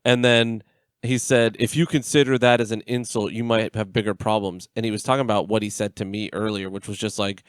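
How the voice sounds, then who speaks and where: A man's voice: on the low side, no room sound, clean studio sound. A man co-hosting a casual podcast, telling an online argument story with laughs and swearing. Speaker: podcast co-host. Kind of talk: casual chat.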